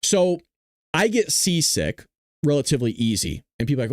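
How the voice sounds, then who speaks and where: A man hosts a political commentary show and speaks bluntly, swearing freely. His pitch swings widely as he goes. The sound is close and dry. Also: moderate pace, dry recording. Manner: blunt, profane, animated. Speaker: host.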